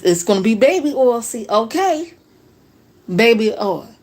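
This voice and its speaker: A woman's voice: mid-range voice, a little mellow. A woman from New Jersey hosting a casual reaction livestream, talking to viewers in a sarcastic, profane way.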